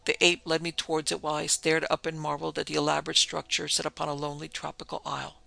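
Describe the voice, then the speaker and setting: Gravelly, bright male storyteller over music. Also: fairly high pitch, completely flat delivery, fast, no room sound. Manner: dramatic first-person storytelling. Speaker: narrator. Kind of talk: scripted narration of a pulp horror story.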